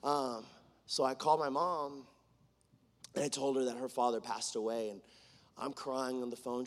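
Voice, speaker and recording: A man who leads worship, preaching a sermon in an earnest way that swings between fervent declarations and hushed storytelling. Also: mid-range voice, steady tone, normal speed, big-room sound. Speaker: worship leader. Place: church.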